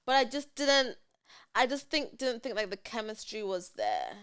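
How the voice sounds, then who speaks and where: A woman hosts a relaxed podcast conversation and laughs often as she talks through her dating life. Her voice sits a bit high and moves lively up and down. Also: normal speed, clean tone. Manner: laughs often, animated storytelling. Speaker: podcast host. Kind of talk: casual chat.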